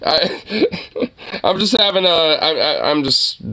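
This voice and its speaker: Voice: medium pitch, sing-song, slow pace, sharp tone. A young adult streamer reacting live to a political debate, mocking it with profane outbursts, laughter and stammering.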